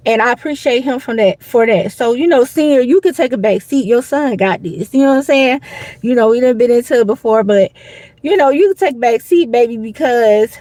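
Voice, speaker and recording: A woman's voice: on the high side, fairly quick, dark tone, dry recording, rough recording. A woman hosting a live boxing show, talking in a loose, rambling, casual way with lots of "you know what I'm saying". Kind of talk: casual live stream commentary.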